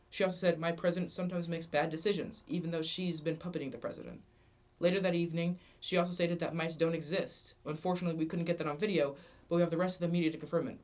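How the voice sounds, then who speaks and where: A man anchors a mock news show, reading his lines briskly from a script. His voice sits a bit high for a man and moves quickly.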